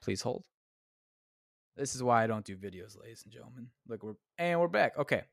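Brisk and expressive, with some vocal fry, a medium-pitched man hosts a solo podcast recorded at studio quality without echo. He rants casually, swears all the time, and drifts onto tangents, frequently breaking off his own sentences.

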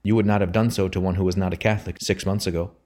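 A humble, earnest young son who speaks formally and respectfully to his father, pleading his case with steady resolve. A man reads him in a low voice lifted a little higher than his narration. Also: very fast.

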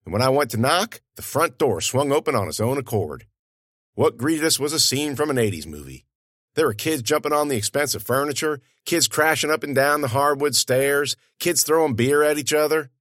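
A man's voice: mid-range voice, lively intonation, normal speed, fairly bright tone, no echo, clean studio sound. A man narrating an audiobook in a folksy, conversational storytelling manner.

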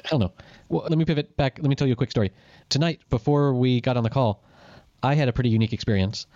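A man's voice: mid-range voice, dark tone, no room sound. A man chats on a call with a friend, throwing in dry quips and puns. The sound is dead and dry, with a muffled, lo-fi edge. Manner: wisecracking, quick interjections. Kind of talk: casual chat on a call.

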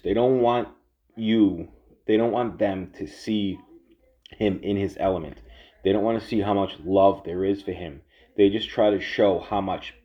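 A man's low voice fires off a heated, sarcastic rant full of swearing and repetition. The audio is muffled and lo-fi. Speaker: political commentator. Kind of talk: casual rant. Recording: dull lo-fi audio.

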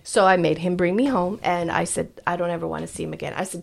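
A woman co-hosting a podcast, telling a story in a blunt, animated way and dropping in Spanish phrases. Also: lowish voice, fast talker, vocal fry. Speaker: podcast co-host. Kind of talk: casual storytelling chat.

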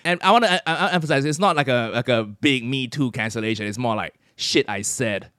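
A man's voice: medium pitch, brisk, pushed and bright, no echo, studio quality. A man being interviewed as a comedian guest, chatty and self-deprecating, laughing often in casual conversation.

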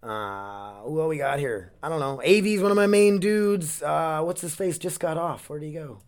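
A man's voice: fairly high pitch, expressive, moderate pace. A man hosting his own solo podcast, talking casually in a rambling, candid way and swearing often, close on the mic. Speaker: podcast host.

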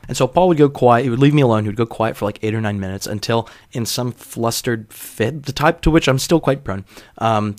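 A man's voice: medium pitch, no echo, clean studio sound. A young man hosting a podcast, telling a personal story in a wry, self-deprecating way with casual profanity. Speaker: podcast host.

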